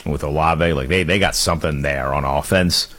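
A man co-hosting a sports talk radio show, relaxed and wry, laughing easily. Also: very deep voice, normal speed, no room sound.

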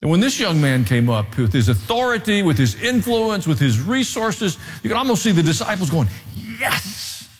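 A man preaching in a large church sanctuary, his slightly high voice trailing off into a long reverb. He tells the story with animated swings of pitch and dramatic pauses. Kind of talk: sermon.

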